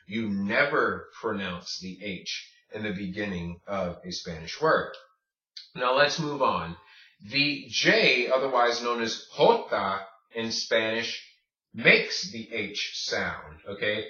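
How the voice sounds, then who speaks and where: A man giving a Spanish pronunciation lesson, drilling words slowly and checking in with "okay?" as he teaches. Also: fairly low pitch, expressive, bright, forceful tone. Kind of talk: video lesson. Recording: distant, dull, echoey room mic.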